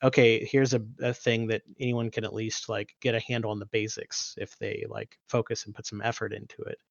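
Man, low gravelly voice, casual podcast chat, laid-back asides, dull dry recording. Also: level tone, fairly quick, no room sound. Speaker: podcast co-host.

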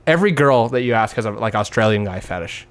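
A man's voice: on the low side, fast talker. An American man hosting a podcast, chatting casually and joking around. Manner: joking, animated, mocks accents. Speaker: podcast host. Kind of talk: casual chat.

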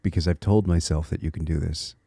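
A low-pitched man with a warm, mellow tone hosts a solo podcast, reflective and earnest as he encourages his listeners. He thinks aloud, restarting small phrases now and then. The sound is dry, with no room echo. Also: fairly even intonation, a little fast, gravelly, husky. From Connecticut, USA. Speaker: podcast host.

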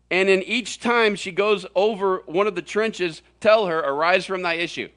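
A middle-aged man from Florida preaching a humorous sermon to a room, telling stories with animated, jokey delivery and sudden exaggerated voices. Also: sits high. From Florida, USA. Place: large room with audience.

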